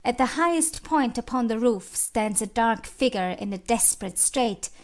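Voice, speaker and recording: A woman narrating an audiobook, reading literary passages in a slow, expressive recitation with dramatic rises. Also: fairly high pitch.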